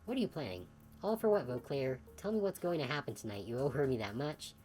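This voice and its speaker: A woman's voice: very deep voice, big pitch swings, fast, mellow, a little hiss or hum, rough recording. A woman voicing a defiant female mercenary in video game dialogue, blunt, sarcastic and profane. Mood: demanding.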